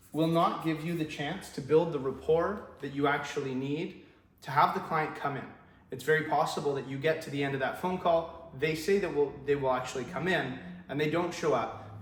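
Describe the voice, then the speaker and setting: A man teaching car salespeople phone skills, talking straight to the viewer in an upbeat way and acting out sample phone greetings. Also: a little high. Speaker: sales trainer. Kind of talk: direct-to-camera sales tips. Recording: echoey room with faint ambience.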